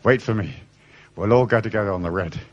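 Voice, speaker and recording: A man's voice: fairly low pitch, fast talker, lo-fi sound. A man giving a live seminar talk to an audience, irreverent and playful, swearing freely as he tells stories. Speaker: seminar speaker.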